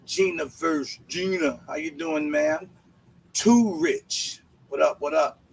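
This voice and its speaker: A man's voice: on the high side, slow pace, a little hiss or hum, low-quality recording. A man hosting a casual livestream, greeting viewers by name in laid-back slang. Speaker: livestream host.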